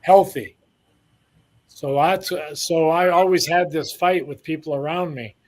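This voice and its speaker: A man's voice: a little high, fairly even intonation, a little slow, darkish tone. A man in his sixties from Canada, a former boxer telling long rambling stories in a casual interview. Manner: rambling anecdotes, acts out quoted lines.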